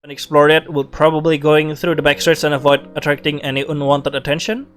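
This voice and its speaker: Higher-voiced man reading a game aloud. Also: level tone, fairly bright tone. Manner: breaks off narration for quick reactions. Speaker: gamer reading a visual novel aloud. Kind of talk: reading game text with asides.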